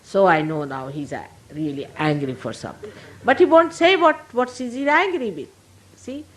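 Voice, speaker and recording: An older woman with an Indian accent, a spiritual teacher giving a gentle, humorous sermon to her followers. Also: high voice, huge pitch swings, normal speed, rough recording. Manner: gentle, humorous, laughing as she talks.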